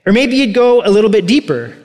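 A man preaching a sermon as pastor, animated, acting out quoted voices. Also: sits high, fast. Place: church sanctuary. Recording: long hall reverb.

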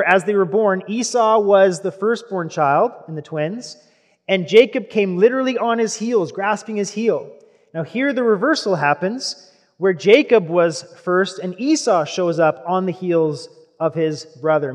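A man preaching a sermon who reads scripture aloud and then explains it in relaxed, conversational asides. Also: sits high, big-room sound.

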